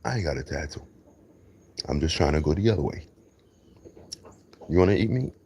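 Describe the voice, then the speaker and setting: A man casually rambling on a livestream while feeding chickens outdoors, animated and preachy with street slang. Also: extremely low pitch, normal speed, vocal fry, a little hiss or hum. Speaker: livestream host on a farm.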